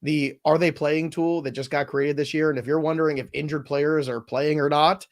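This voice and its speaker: A man co-hosting a fantasy football show in casual chat, excitable and emphatic, prone to ranting. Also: fairly high pitch. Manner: excitable, emphatic, quick to rant.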